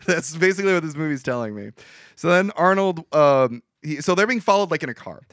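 A man co-hosting a casual podcast, retelling a movie with wry, animated asides. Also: a little high, a little fast. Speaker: podcast co-host. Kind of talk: casual movie recap chat.

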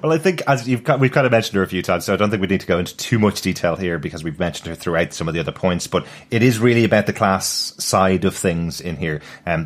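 A man co-hosting a podcast, chatting briskly about a TV episode and chuckling now and then. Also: low voice. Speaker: podcast co-host.

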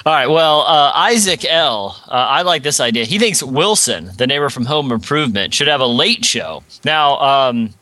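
Bright, joking male co-host. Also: medium pitch, lively intonation, normal speed, few pauses, dry recording. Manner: joking, rambling with restarts. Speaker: podcast co-host. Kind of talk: casual studio podcast chat.

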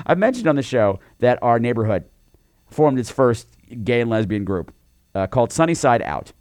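Animated campy man telling stories. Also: mid-range voice, normal speed, pauses often, no echo. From New York. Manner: animated, campy storytelling with mock shrieks. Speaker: podcast co-host. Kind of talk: casual chat.

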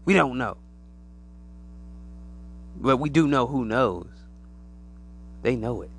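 A man giving a rambling, animated conspiracy monologue to the camera, acting out imagined voices as he goes. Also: medium pitch, takes it slowly, slight background noise.

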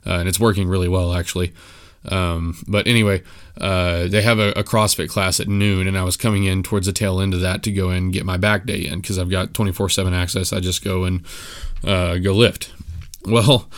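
A man's voice: low-pitched, level tone, a little fast. A man hosting a solo podcast, telling a rambling story in casual chat, full of fillers and restarts. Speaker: podcast host.

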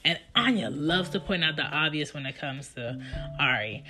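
A woman in her thirties casually telling stories about her children in an animated, chatty way. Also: low voice, normal speed. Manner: animated, chatty, acts out her kids' lines. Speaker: mother telling family stories. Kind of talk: casual storytelling. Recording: guitar music playing behind the voice.

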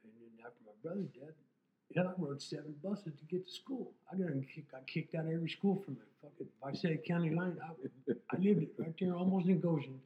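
A man's voice: on the high side, fairly quick. A man in his fifties telling personal stories bluntly, with lots of swearing and stammered restarts. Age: 50s. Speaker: podcast guest. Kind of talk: personal storytelling. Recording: phone-like narrow sound.

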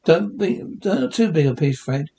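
Mild easygoing caveman sidekick, 1960s cartoon, high voice. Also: animated, unhurried, creaky, dark tone, a little hiss or hum. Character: meek good-natured caveman neighbour, short sidekick.

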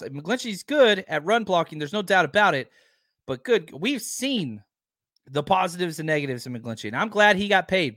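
Hosting a laid-back sports podcast, a slightly higher-pitched man argues one point after another, animated and emphatic. A long day of talking has left him a touch hoarse, and the sound is dry, close to the mic, and echo-free.

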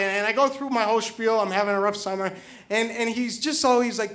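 High-voiced man telling a story, stammering. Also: fast talker. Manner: excited, stammering repetitions. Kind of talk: live storytelling.

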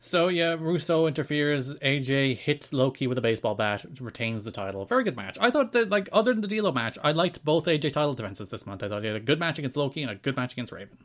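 A man's voice: mid-range voice, animated, fast, hardly any pauses. A man co-hosting a casual podcast, recapping old wrestling shows and acting out quotes in silly voices. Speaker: podcast co-host.

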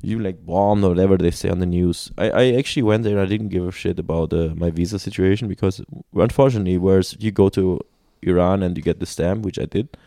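Deep, dark-voiced man telling travel stories. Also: fast talker, few pauses, dry recording, studio quality. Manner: animated storyteller with many restarts and laughs. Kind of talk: casual conversation.

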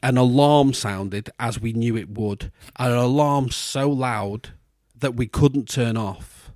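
A man's voice: mid-range voice, slow pace, darkish tone, no room sound. A middle-aged man, telling a long, rambling story in casual podcast chat, full of restarts and fillers. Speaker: podcast co-host.

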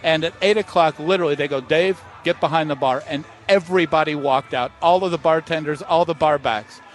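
Animated storytelling man outdoors. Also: a little high, a little fast. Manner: animated storyteller, acts out voices. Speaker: master distiller, interview guest. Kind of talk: storytelling interview. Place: outdoors at a festival.

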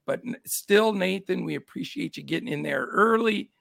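A man's voice: high voice, lively intonation, normal speed, gravelly, no room sound, studio quality. A middle-aged man with a scratchy voice hosting a casual sports betting show, upbeat as he greets his chat. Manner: upbeat, shouts out chat names. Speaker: show host.

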